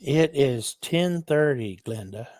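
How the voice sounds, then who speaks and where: Man, 60s, rambling storyteller who clears his throat, mid pitch, dry sound. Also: expressive, slow, a little mellow, dry recording. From Texas. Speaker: guest on a livestream. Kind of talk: casual storytelling chat.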